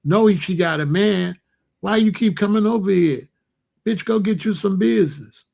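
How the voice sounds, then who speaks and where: A man's voice: sits high, moderate pace, creaky, a little mellow. A middle-aged man hosting his own channel, telling blunt, profane, slang-heavy stories in a casual monologue. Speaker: host.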